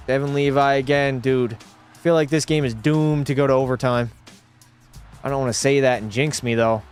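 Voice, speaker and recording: A young man streaming a hockey video game, chatting with his viewers and breaking into profane, shouted rants. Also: mid-range voice, clean tone. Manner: profane, talks to chat, erupts into shouting rants. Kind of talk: casual gaming livestream commentary.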